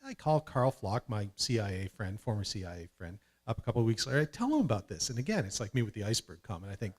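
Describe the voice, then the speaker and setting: A man's voice: fairly low pitch, quick pace. A man from Canada telling a self-mocking anecdote on a conference panel, acting out the voices of people he quotes. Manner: lively, self-mocking, acts out quoted dialogue. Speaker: panelist, film producer.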